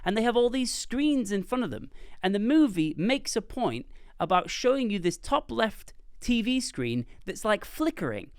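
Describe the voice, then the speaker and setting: A man co-hosting a movie podcast, telling stories in an animated, casual way and laughing often. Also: high voice, normal speed, clear, resonant tone, no echo, clean studio sound. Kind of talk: casual chat.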